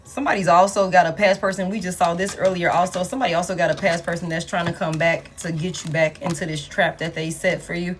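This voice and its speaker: A woman, giving a live tarot reading in blunt, profane, animated street talk. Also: on the low side, fast talker, hardly any pauses, slight background noise. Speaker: tarot reader.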